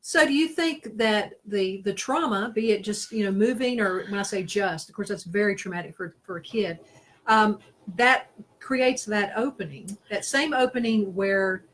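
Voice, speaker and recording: A woman's voice: medium pitch, normal speed, fairly bright tone, poor audio. Woman host, curious and enthusiastic, chatting over a video call with faint background noise. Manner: curious, enthusiastic, reads out listener messages. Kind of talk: casual interview chat.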